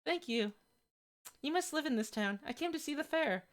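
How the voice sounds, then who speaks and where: A woman's voice: sits high, expressive, moderate pace, voice pushed up. A woman voicing a cheerful young woman at a fair, reading game dialogue aloud in a sweet, girlish manner.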